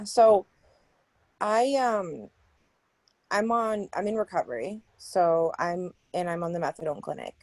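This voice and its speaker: Halting young woman from Massachusetts. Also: on the low side, dry recording, rough recording. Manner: halting, many fillers and restarts. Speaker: guest. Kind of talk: interview.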